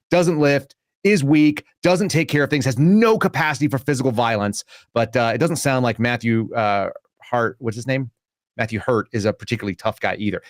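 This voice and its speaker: A man's voice: medium pitch, no echo, studio quality. A man hosting a podcast, delivering sarcastic, combative political commentary. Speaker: podcast host.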